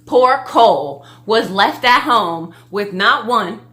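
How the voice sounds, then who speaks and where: Young adult woman, bright voice, casual gushing recap vlogger, heavy on fillers. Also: mid-range voice, animated, takes it slowly, hardly any pauses. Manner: chatty, gushing, lots of "like" and "you know". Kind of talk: casual reality-show commentary.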